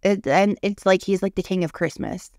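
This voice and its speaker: Her voice sits at medium pitch with vocal fry, moving at a normal speed, captured as a dry, clean studio recording. She's a podcast co-host in her thirties sharing a creepy story from her life in casual talk, animated, cursing freely, and acting out the quotes.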